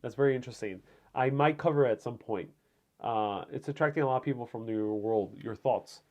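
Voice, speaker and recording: A man at a mid-range pitch hosts a casual live stream from home. He answers viewer comments in a relaxed, rambling way. His sentences are full of fillers and restarts. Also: fairly quick, muffled recording. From Puerto Rico.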